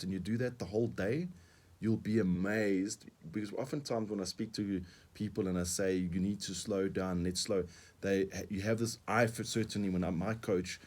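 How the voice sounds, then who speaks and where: Deep-voiced South African man coaching on radio. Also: fairly even intonation, normal speed, a little mellow. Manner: earnest, repeats words, uses examples. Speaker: guest coach. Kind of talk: radio interview.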